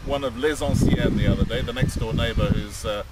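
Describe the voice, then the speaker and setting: An English man gives a casual update from a vineyard, pausing on fillers and restarting his sentences. He stands well back from the mic, with loud wind and passing traffic behind him. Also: mid-range voice, far from the mic. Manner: hesitant, many fillers and restarts. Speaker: vineyard host presenting. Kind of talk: casual outdoor video update. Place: outdoors in a vineyard.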